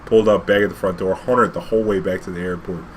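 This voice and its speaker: Man, cab driver, rambling casual storytelling, lots of fillers and cussing, lowish voice, faint AC hum behind. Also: fairly even intonation, quick pace. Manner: loose and rambling, frequent fillers and swearing. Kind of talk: casual spoken anecdote.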